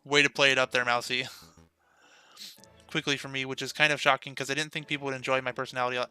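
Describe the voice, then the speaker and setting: A man's voice: mid-range voice, level tone, quick pace, bright, forceful tone, smooth, soft background music. A young man streaming a game, chatting casually with viewers and laughing often. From United States. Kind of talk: casual live-stream chat while playing.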